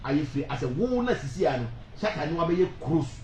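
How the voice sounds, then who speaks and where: A man hosting a call-in radio show, talking in an animated way and switching between languages. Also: a little high, fairly quick, roomy sound, a little hiss or hum, low-quality recording. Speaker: radio host.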